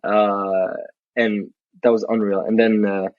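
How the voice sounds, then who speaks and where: A young adult man, a college athlete guest, takes his time telling a story in a casual interview, his lowish voice level in tone. He's frank and blunt, swears freely, and often restarts his sentences, in a dull, dry recording with no echo.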